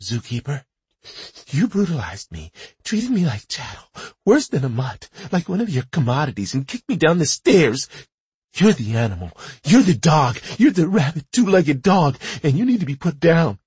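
Man voicing a raspy enraged wife. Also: big pitch swings, moderate pace, darkish tone, dry recording, heavily acted. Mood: furious. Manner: shrill, accusing rant. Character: enraged wounded wife, sick, armed, ranting.

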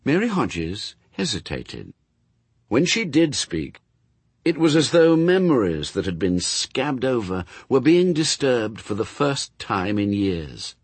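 Expressive, husky male audiobook narrator. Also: medium pitch, slow pace, dry recording. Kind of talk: scripted narration.

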